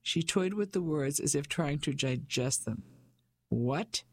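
Male audiobook narrator, steady measured read, bit high voice with gravel, dry close sound. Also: no room sound.

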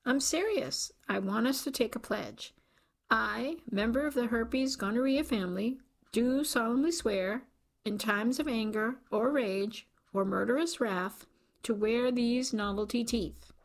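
A woman reading Garrett, a deadpan, businesslike man. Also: fairly high pitch, measured pace. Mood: mock-solemn. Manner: deadpan, businesslike, mock-solemn. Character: calm, joking adult man, the father.

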